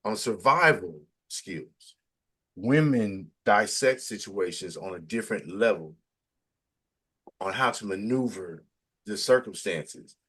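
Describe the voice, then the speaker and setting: A middle-aged man interviewing in casual chat, talking in a preachy, emphatic way, his pitch jumping up to stress a point. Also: animated, slow pace, a bit bright, breathy edge.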